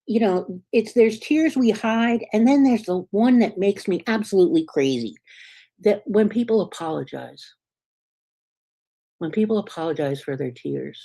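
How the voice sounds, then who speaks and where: With a mid-range, animated voice at a moderate pace, a woman minister from the US delivers a sermon. She's earnest and conversational, often checking in with the congregation, and her delivery swings from quiet, hushed asides to abrupt bursts of emphasis.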